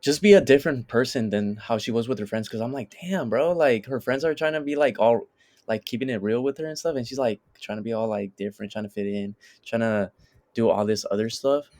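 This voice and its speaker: A man in his middle pitch range co-hosts a relaxed podcast chat. He rambles through his stories, stacking filler words as he recounts moments. His tone is casual and unscripted. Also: fairly quick. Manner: rambling, filler-heavy storytelling. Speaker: podcast co-host.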